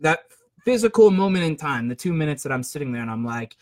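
A man's voice: a little high, very animated, fast. A man telling a casual personal story to his viewers, rambling and venting his frustration, full of "right?" and "like". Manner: rambling, frequent "right?" and "like" fillers.

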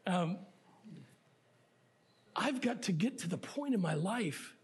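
A middle-aged male pastor preaching a sermon in a church, in a conversational, self-deprecating way with asides to the congregation. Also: very high-pitched. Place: church sanctuary.

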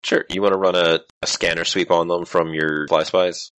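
A man with a strikingly deep, low voice narrates as game master of a tabletop game. He lays out the scene in an easygoing, explanatory way, recorded close and dry. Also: level tone, moderate pace, fairly bright tone, no echo.

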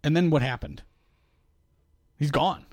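A man's voice: a little high, unhurried, no echo, clean studio sound. A man hosting a casual podcast, telling stories wryly and arguing his point, with many fillers. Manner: wry storytelling, argumentative, trails off with fillers. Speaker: podcast host. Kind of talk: casual chat.

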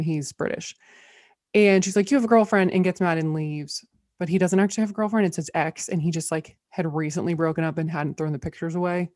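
Bubbly and casual, a podcast co-host talks through TV shows in a relaxed review chat, sprinkling in plenty of "like" fillers. Her voice is lowish and darkish in tone, recorded with clean studio sound and no room noise.

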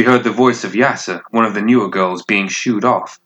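A man narrating a dark fantasy story in a measured, deliberate way. His voice sits low, yet the tone is bright and forceful. He lingers on key phrases. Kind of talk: scripted fiction narration.

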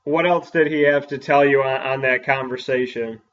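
A man who is a sports broadcaster, reading an upbeat ad spot and then asking quick interview questions. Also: medium pitch, fairly even intonation, a bit bright, highs cut off, a little hiss or hum.

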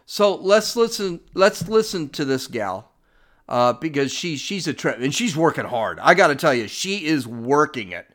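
Middle-aged male podcast host, blunt sarcastic commentary, animated and fairly high voice. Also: normal speed. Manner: blunt, sarcastic, repeats himself with restarts. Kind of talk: opinionated commentary on played clips.

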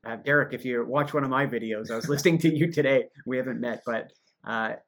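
A man's voice: medium pitch, fast. A man hosting a livestreamed faith podcast, chatting casually and telling stories with frequent laughter. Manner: animated storyteller, laughs often. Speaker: podcast host.

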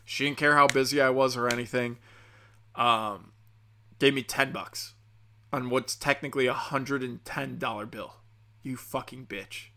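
A young man who has had a few drinks rambles through a crude, profane comic rant. His voice is bright and sharp, and his talk is full of fillers and restarts. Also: mid-range voice, fairly even intonation, unhurried. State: tipsy from drinking. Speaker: comedian and podcast host.

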